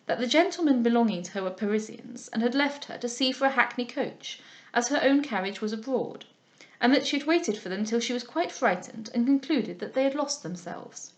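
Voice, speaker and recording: A woman's voice: fairly high pitch, lively intonation, brisk. A woman reading a classic novel aloud, arch and playful in her asides. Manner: arch and playful when chatting.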